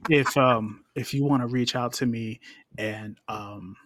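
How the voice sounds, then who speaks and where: A man's voice: mid-range voice, fairly even intonation, unhurried, fairly bright tone, dry recording, studio quality. A man hosting a podcast, chatting casually with a rambling, stammering manner full of restarts. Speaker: podcast host. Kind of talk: casual chat.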